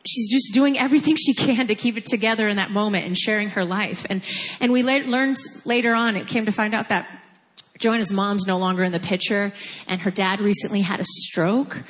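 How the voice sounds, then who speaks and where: A woman in her forties telling a personal mission story in an earnest, halting, emotional way. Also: mid-range voice, steady tone, fairly bright tone, in a large hall. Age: 40s. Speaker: mission trip speaker. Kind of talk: personal testimony.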